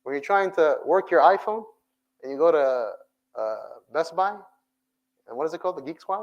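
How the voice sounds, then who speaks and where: A man delivers a sermon, his voice sitting slightly high. He talks with animation, pressing his listeners with rapid rhetorical questions. He slips phrases into his English. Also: animated, rough recording. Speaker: sheikh giving a talk to young people.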